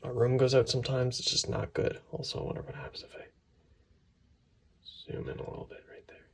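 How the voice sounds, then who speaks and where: A man with a gravelly, rough-edged voice talks through a home cooking video, rambling and correcting himself as he goes. He sometimes slips into a whisper. The kitchen recording carries a steady hiss of noise behind him. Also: mid-range voice, fairly quick. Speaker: cooking channel host. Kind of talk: casual cooking ASMR chat.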